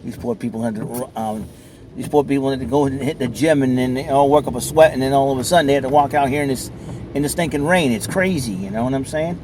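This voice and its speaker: A man's voice: mid-range voice, quick pace, noisy background. A man chatting casually while sitting in his car at a mall, rambling along with lots of fillers. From southern New England. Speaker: vlogger. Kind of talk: casual chat.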